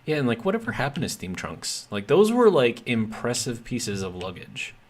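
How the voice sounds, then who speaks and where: A man's voice: mid-range voice, wildly swooping pitch, normal speed. A man with a Midwestern American accent, chatting casually while streaming a game, rambling through bemused asides full of "like". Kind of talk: casual gameplay commentary.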